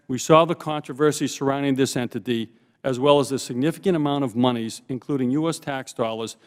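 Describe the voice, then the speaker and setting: A man giving formal testimony as a forensic investigator, emphatic and deliberate, repeating key points slowly for stress. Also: mid-range voice, a little mellow. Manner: emphatic, slow repetitions for stress. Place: congressional hearing room. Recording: long reverb in a hearing room.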